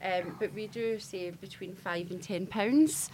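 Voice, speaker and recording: Woman, charity worker, soft-spoken, relaxed, plenty of ums. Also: mid-range voice, a little slow, noisy background. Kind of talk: radio interview answers.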